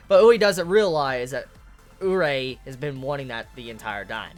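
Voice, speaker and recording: Young female reviewer, low-ish voice, lively swearing delivery, soft music underneath. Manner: emphatic, swears often, repeats words. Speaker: manga reviewer. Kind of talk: casual commentary.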